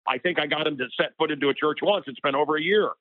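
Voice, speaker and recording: Rapid-fire and on the high side, this male radio personality speaks as an interview guest, becoming impassioned and heated. No room sound comes through, only a tinny phone-line tone.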